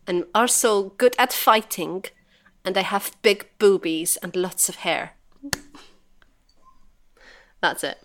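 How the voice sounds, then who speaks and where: A woman voicing a boastful Viking ghost woman with a put-on Swedish accent, slow and earnest. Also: medium pitch, close to an everyday voice.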